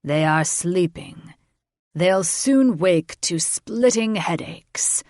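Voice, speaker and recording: A woman voicing an arrogant male dragon king who speaks slowly, loudly and with menace. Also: lowish voice, expressive, no echo, studio quality. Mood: menacing. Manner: growling, slow and commanding.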